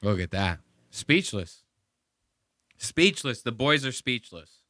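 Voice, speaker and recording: A podcast host delivers a profane, mocking rant about a clip he is playing. His voice is bright and forceful. The sound is dry and close, with little room in it. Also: mid-range voice, big pitch swings, takes it slowly, dry recording. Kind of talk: casual commentary on a played clip.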